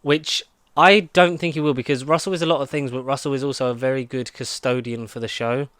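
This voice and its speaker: In a clean, dry studio recording, a male podcast co-host rambles through casual talk, full of fillers and restarts. His medium-pitched voice is smooth, steady and a bit bright, and he speaks briskly.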